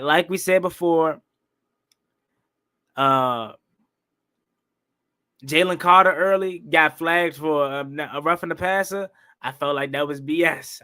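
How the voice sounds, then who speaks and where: A young man hosting a live-stream football recap, excitable and repetitive, ranting and questioning the calls. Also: on the high side. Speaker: sports talk host.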